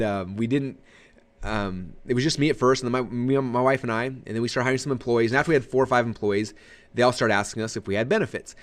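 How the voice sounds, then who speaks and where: A man presenting a marketing webinar in an energetic, conversational way, often checking in with his audience. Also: medium pitch.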